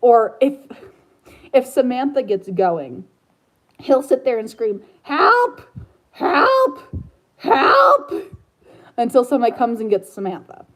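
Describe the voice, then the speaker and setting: A vlogger chats casually about her pet parrot, rambling and slipping into baby talk with the bird. Her slightly high, mellow voice moves at a moderate pace on a low-quality recording.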